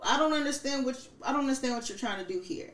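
A woman's voice: sits high, lively intonation, fast. A woman from Baltimore, a podcast guest, talking candidly and emphatically in a casual chat. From Baltimore, USA. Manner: candid and emphatic, quotes people animatedly. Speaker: podcast guest, plus size model. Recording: roomy echo.

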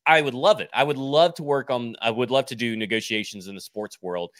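Blunt bright-voiced man breaking down numbers. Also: medium pitch, fairly quick, no echo, clean studio sound. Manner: blunt, numbers-heavy explaining. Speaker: podcast guest analyst. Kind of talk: casual sports talk.

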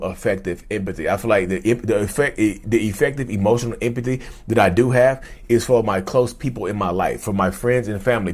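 A man hosting his own vlog in casual, animated talk, rambling with slang and frequent restarts. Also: mid-range voice. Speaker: YouTube host.

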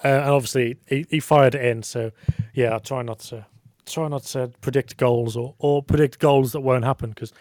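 A man's voice: mid-range voice, steady tone, normal speed, a little mellow, dry recording, clean studio sound. A man chatting casually on a podcast, rambling and self-deprecating. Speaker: podcast co-host. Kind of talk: casual chat.

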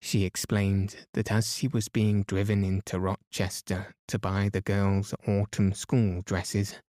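Man, bedtime story narration, slow and flat, mellow low voice, dry close mic. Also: no echo. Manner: soft, soothing, even.

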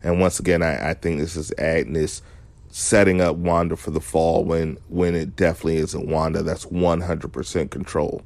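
A man's voice: rumbling low, little pitch movement, normal speed, creaky, a little mellow, no echo. A man giving a casual recap of a show episode, analytical and emphatic, often restarting his sentences.

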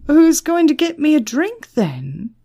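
A woman voicing a loud, arrogant man in his thirties who boasts across a pub. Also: high-pitched, sing-song, unhurried, gravelly, dull audio, pitched above the performer's own voice, heavily acted. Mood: swaggering boast. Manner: brash, swaggering, shouting across a room.

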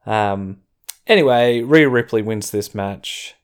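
A man's voice: on the low side, takes it slowly, smooth. An Australian man hosting a podcast, giving a casual, rambling wrestling recap full of chuckling asides. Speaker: podcast host.

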